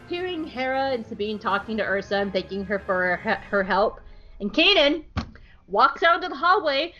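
A woman hosting a podcast, recapping an episode in an animated, jokey way. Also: fairly high pitch, moderate pace, highs cut off, soft background music. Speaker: podcast host.

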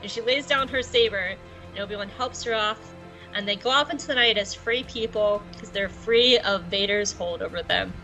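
A woman's voice: mid-range voice, moderate pace, pushed and bright, faint music behind, low-quality recording. A woman co-hosting a podcast, recapping an episode in a chatty, jokey way. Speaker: podcast co-host.

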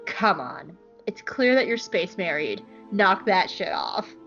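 A woman's voice: mid-range voice, very animated, takes it slowly, fairly bright tone, soft background music, heavily acted. A woman voicing a smug male villain who makes his threats in a flippant, casually mocking way. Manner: flippant, valley-girl casual menace. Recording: slightly muffled lo-fi recording.

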